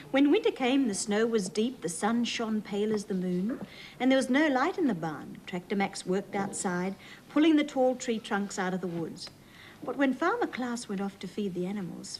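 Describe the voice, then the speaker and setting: An Australian woman reading a storybook to young children, gentle and sing-song as a children's TV host. Her voice sits at an ordinary pitch, and a faint hiss runs behind her. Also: poor audio.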